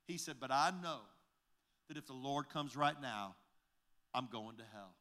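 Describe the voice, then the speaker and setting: A male pastor telling a story in a sermon, recounting conversations line by line with many "I said, he said" turns and halting restarts. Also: mid-range voice, sharp tone. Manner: recounts conversations, retelling each exchange with repeated "I said, he said"; halting restarts and repeated words.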